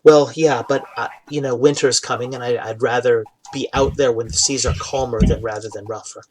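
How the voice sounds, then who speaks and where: A man voicing Shauna, a practical woman of about thirty who talks business quietly. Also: medium pitch, steady tone, natural voice, rough recording. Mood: businesslike. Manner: brisk and practical, quietly spoken.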